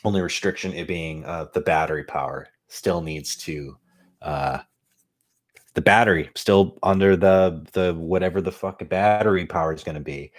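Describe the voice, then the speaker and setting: A podcast host with a low-pitched voice rambles at a moderate pace in casual stream-of-consciousness talk, swearing now and then and poking fun at himself. He speaks into a desk USB mic on a boom arm.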